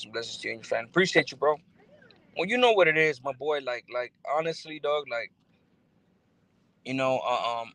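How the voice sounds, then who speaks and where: A man with a mid-range, slightly bright voice chats casually on a livestream, reading and answering viewer comments as a YouTuber. He's laid-back, full of slang and fillers, and the low-quality recording carries a little hiss or hum.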